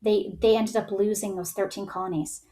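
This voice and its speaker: A woman's voice: mid-range voice, fairly even intonation, moderate pace, warm tone. A woman giving a casual history lesson as a teacher, chatty, with many "right?" tags and little put-on voices for the groups she describes.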